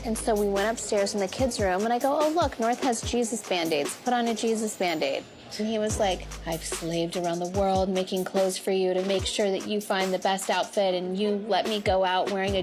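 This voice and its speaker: A woman tells a personal story in a soft, tired manner, full of fillers, at an ordinary pitch. Clear music plays behind her. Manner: soft, frequent likes, tired tone. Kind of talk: candid casual storytelling.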